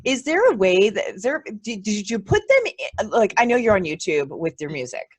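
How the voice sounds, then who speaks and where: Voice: medium pitch, sing-song, fairly quick, slightly rough. An interview host talking in a casual chat, gushing with praise and stammering through restarts and false starts. The delivery stays enthusiastic throughout.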